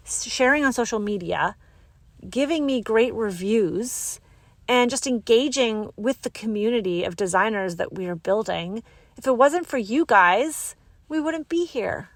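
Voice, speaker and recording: A woman hosts her podcast alone, excitable and gushing, close to tears as she thanks her listeners. Her voice sits a little high and sounds dry and close, with no room around it. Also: no echo. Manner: bubbly and excitable, laughing and gushing. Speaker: podcast host. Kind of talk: solo podcast sign-off.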